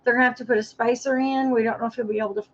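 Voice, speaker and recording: A woman's voice: on the high side, steady tone, racing. A woman chatting on a livestream, rambling and apologetic as she talks to viewers by name. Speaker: livestream host. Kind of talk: casual livestream chat. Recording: dull lo-fi livestream audio.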